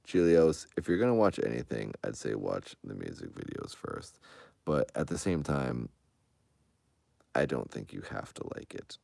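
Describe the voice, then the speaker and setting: Deep, gravelly-voiced man chatting defensively. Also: big pitch swings, unhurried, dark tone, no room sound. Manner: rambling and defensive, with frequent restarts. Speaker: streamer answering viewer comments. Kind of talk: casual chat to an online audience.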